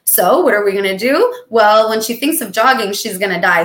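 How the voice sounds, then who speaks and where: A woman co-hosting a relaxed podcast, chatty and expressive, with a playful joking streak. Her pitch sits in a middle range for a woman. The recording carries a noticeable echo from the room around her. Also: brisk. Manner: chatty and expressive, jokey, acts out dramatic quotes. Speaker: podcast co-host. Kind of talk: casual chat about weight loss.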